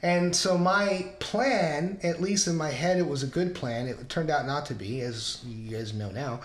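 A man with a high voice hosts a casual podcast, spinning a long, profane anecdote and slipping into the voices of the people in it. He records in a room of a house, and his voice echoes off the walls. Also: a little slow, a little hiss or hum. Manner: rambling, profane, acts out quoted dialogue. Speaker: podcast host. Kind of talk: casual storytelling. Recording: roomy echoing room.

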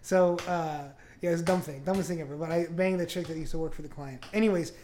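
A man's voice: on the high side, fast talker, darkish tone, slight background noise. A man on a podcast telling a crude story in a casual, rambling way, laughing often. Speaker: podcast host.

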